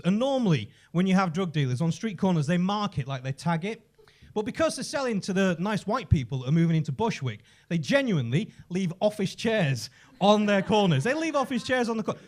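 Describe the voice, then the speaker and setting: A man doing a stand-up routine on a comedy club stage, telling stories with chatty asides. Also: high-pitched. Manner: conversational storytelling with asides.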